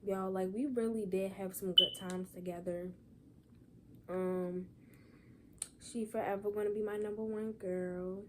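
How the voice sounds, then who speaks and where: A woman's voice: medium pitch, steady tone, measured pace, long pauses, background noise. Tearful young woman vlogging. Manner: rambling, repeats "y'all" and "like". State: holding back tears. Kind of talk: emotional personal vlog.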